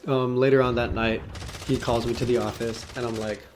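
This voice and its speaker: A young man vlogger tells a story from his job in a loose, casual style, swearing a lot and laughing at his own jokes. His voice is at an ordinary male pitch, with a flat, fairly quick delivery, and a faint hiss runs under the recording.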